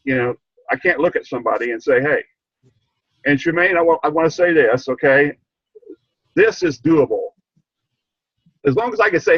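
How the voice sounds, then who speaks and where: A man's voice: fairly high pitch, moderate pace, long pauses, no room sound, muffled recording. An older man sharing a heartfelt personal story on a video call, stumbling and repeating himself, getting choked up. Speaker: training participant. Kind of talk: emotional personal testimony.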